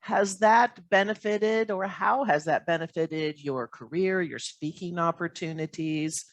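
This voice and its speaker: A woman's voice: fairly low pitch, unhurried, no echo. A woman moderating a Q&A, asking questions in a friendly, conversational way over a video call. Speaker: interviewer, Q&A moderator. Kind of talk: hosted Q&A.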